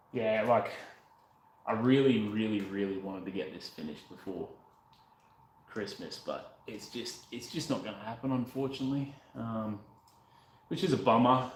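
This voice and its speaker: An Australian man from North Queensland, chatting casually and joking with rambling asides while working in his workshop. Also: fairly low pitch. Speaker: motorcycle restoration vlogger. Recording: echoey room, faint background noise.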